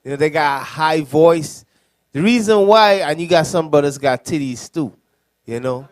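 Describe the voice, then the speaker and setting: A young man speaking as a deacon in a classroom. His voice sits on the higher side and sounds close and dry. He talks loosely, like he's chatting, and laughs at his own jokes. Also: normal speed, no echo. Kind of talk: classroom teaching.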